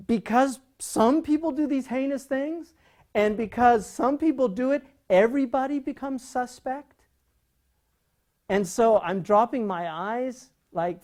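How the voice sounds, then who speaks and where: Male lecturer, warm mellow tone, conversational, keeps checking in with rhetorical questions. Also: high-pitched, gravelly. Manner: rhetorical questions, frequent "right?"; animated, conversational teaching. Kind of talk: lecture on poetry.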